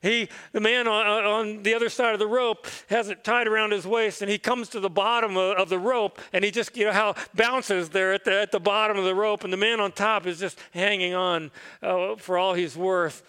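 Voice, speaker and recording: A man's voice: sits high, steady tone, moderate pace, bright, forceful tone, clear, resonant tone, big-room sound. A man, a pastor, telling a parable in a conversational, reflective sermon in church. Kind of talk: sermon storytelling.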